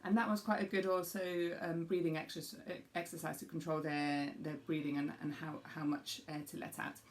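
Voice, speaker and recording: A woman's voice: deep voice, level tone, moderate pace. A woman music teacher patiently explaining a rhythm game for young children and demonstrating the beats aloud.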